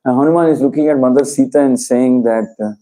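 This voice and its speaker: A man's voice: mid-range voice, fast, poor audio. A man, preaching to a congregation by telling a story and voicing its characters in turn. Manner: animated storyteller, voices characters in quotes. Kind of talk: storytelling sermon.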